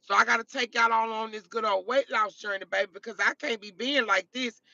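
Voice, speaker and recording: Woman live-streamer, high and gravelly, chatty and emphatic; dull lo-fi phone audio. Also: sharp tone, no echo. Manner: chatty and emphatic, repeats herself, calls viewers baby, honey and girl. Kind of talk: casual live-stream chat to viewers. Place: in a car.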